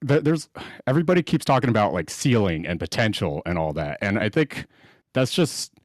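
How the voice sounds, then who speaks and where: A man's voice: lowish voice, sing-song, brisk, no room sound, studio quality. A man calling in to a live podcast, eager and blunt, rambling as he makes his point. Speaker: call-in listener. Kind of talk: casual call-in chat.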